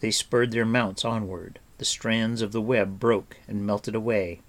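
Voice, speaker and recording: A man reading a fantasy novel aloud as audiobook narrator, soft and even. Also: fairly low pitch, unhurried. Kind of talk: scripted narration.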